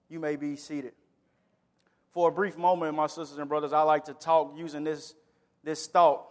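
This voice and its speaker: A man's voice: on the high side, moderate pace, in a large hall. A man preaching a sermon in a church, reading scripture and then telling a story with rising, emphatic delivery. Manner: builds from calm reading to emphatic, raised delivery. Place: church sanctuary.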